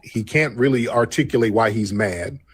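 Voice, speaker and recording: A man's voice: mid-range voice, moderate pace, breathy edge. A man hosting a live call-in show, repeating prompts to callers and mocking an angry one. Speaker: host.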